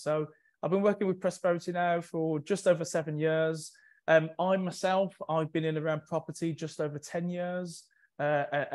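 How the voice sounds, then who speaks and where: A man's voice: mid-range voice, a little mellow. A man speaking as a guest on an online finance webinar, upbeat and enthusiastic. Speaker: senior territory manager, guest speaker.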